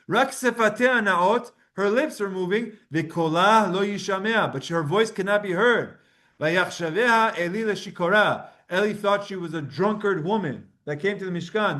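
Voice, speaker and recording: A man's voice: high voice, sharp tone. A man teaching a Talmud class, reading Hebrew verses aloud and then translating and explaining them in casual English. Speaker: Torah teacher.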